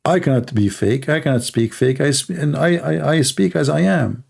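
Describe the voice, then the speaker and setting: A middle-aged man with a gravelly, dark voice hosts a live-streamed religious debate. His English is broken, and his delivery is blunt and combative. He mocks his opponents and fires off rhetorical questions. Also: fairly high pitch, normal speed. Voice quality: non-native English with broken grammar. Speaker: debate show host.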